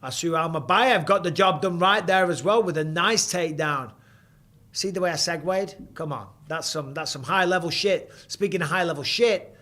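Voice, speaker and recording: A middle-aged man hosts a live fight stream in casual commentary. He talks bluntly and swears freely, with an easy, chatty manner. His voice sits a little high for a man. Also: normal speed, sharp tone. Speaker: host.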